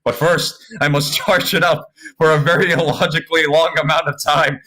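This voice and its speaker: A man's voice: a little high, flat delivery, moderate pace, pushed and bright, pitched above the performer's own voice. Casting: over-the-top revenge antihero, read by a man, bombastic and mock-epic. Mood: grandiose. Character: melodramatic male villain-hero on revenge arc.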